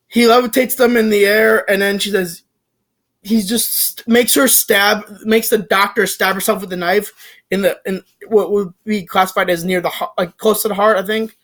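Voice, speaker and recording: A young adult recapping a film in a casual, excited, rambling way, with frequent swearing, restarts and filler words. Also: medium pitch. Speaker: movie reviewer. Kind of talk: casual spoken movie recap.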